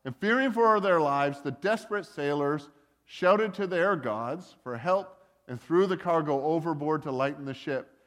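In a hall with long reverb, a man with a slightly high voice speaks at a moderate pace, preaching a casual sermon. He retells a story conversationally, tossing in joking asides and plenty of "like" and "uh."

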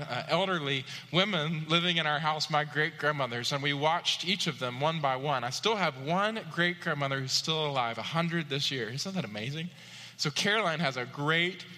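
Bright-voiced pastor preaching. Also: male voice. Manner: rising to emphatic high-pitched peaks on key points; personal storytelling with frequent fillers. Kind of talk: sermon. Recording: long hall reverb.

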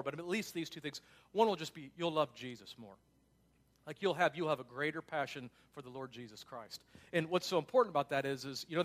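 A male pastor preaching a sermon in a conversational way, dropping to hushed tones and then rising to emphatic urgency. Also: fairly high pitch. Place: church.

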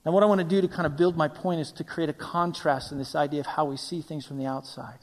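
A middle-aged man preaching a sermon, acting out quoted voices and swinging between loud, urgent passages and hushed near-whispers. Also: fairly high pitch, fairly even intonation, fast. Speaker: pastor. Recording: long reverb of a large hall.

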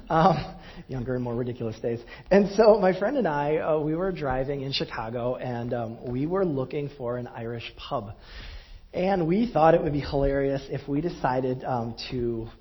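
A man preaching in a church, his voice very husky and breathy and sitting a little high for a man. He talks conversationally and pokes fun at himself between points. The recording is dull and lo-fi. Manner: conversational, self-deprecating, laughs at his own story. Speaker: pastor. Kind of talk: sermon with personal anecdote.

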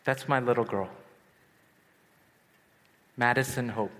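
A man in his thirties preaching a sermon at a youth retreat, telling a personal story with swings from hushed to excited. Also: mid-range voice, takes it slowly. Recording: long hall reverb.

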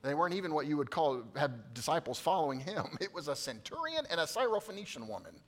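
A man preaching a sermon to his congregation, swinging from loud emphatic peaks to quiet hushed asides and coaxing responses from the room. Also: a little high, very animated, fast. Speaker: pastor.

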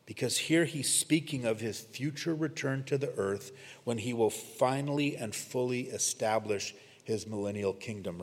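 Male pastor, mid-range voice, earnest expository sermon, long church reverb. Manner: earnest expository preaching, rising for emphasis, dropping low for scripture quotes.

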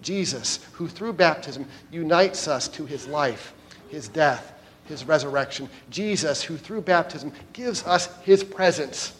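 A man delivers a heartfelt sermon in a fairly high voice. He rises to loud, emphatic declarations, then sinks into hushed, gentle passages. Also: lively intonation, unhurried. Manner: swings between loud emphatic lines and hushed soft ones. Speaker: preacher.

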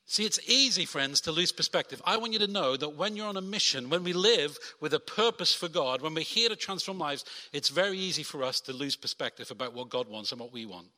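A man preaching a sermon from the front, animated and lively, acting out quoted voices. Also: a little high, a little fast, few pauses. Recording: long hall reverb.

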